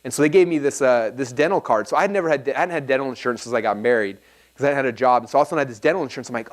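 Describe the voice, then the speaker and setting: A man in his thirties giving an energetic seminar talk, telling anecdotes and acting out both sides of the dialogue. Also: mid-range voice. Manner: fast, animated storytelling, acts out dialogue. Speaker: speaker at a live seminar.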